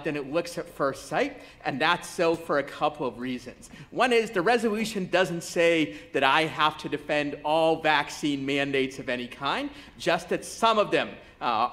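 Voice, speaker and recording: A man speaking in a formal debate, laying out his points in a measured, methodical way. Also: fairly high pitch, fairly bright tone.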